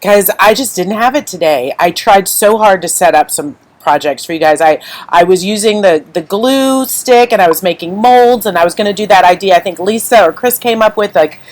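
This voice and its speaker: A woman chats unscripted to her live-stream viewers from home, her talk candid and wandering. She sounds emotional and on the edge of tears. Her voice sits at an ordinary middle pitch. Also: low-quality recording. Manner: candid, rambling, emotional, fighting back tears. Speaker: craft artist hosting a live stream.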